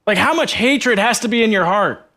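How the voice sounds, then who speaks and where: A young man delivering a retreat sermon in a loose, earnest, conversational way. His voice sits a little high for a man, and he leans on "like" as he retells the story and briefly voices its characters. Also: expressive, normal speed, sharp tone. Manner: earnest, conversational, heavy use of "like", acts out characters in a higher voice. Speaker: preacher.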